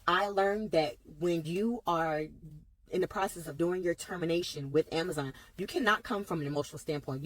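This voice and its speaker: Blunt, low-voiced woman venting. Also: dry recording, poor audio. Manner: blunt, profane, emphatic and rhetorical. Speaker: former warehouse worker. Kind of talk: casual vlog rant.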